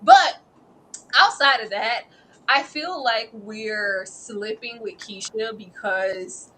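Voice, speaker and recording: A woman co-hosting a TV review in casual, animated chat, calling people "girl" and "baby.". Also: a little high, takes it slowly, slight background noise, rough recording. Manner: animated, slips into playful character voices and laughs often; familiar, peppered with "girl" and "baby". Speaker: co-host reviewing a TV series.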